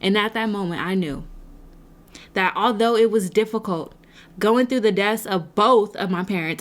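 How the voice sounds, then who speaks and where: At a medium pitch and moderate pace, a woman delivers a sincere, faith-driven motivational message to camera. A nonprofit founder and speaker, she talks to her audience like a preacher, piling up rhetorical questions.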